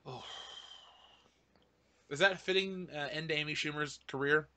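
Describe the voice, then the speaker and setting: A young man co-hosting a podcast, telling crude jokes in animated banter and laughing often. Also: on the high side, moderate pace. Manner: animated, laughing, jumps into put-on voices. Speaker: podcast co-host.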